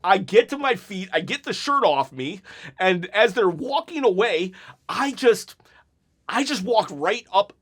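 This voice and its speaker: A man in his forties chatting casually about wrestling promos, self-mocking and quick to laugh while telling a story. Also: high voice, big pitch swings, fairly bright tone. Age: 40s. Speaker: wrestling commentary youtuber. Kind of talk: casual video commentary and storytelling.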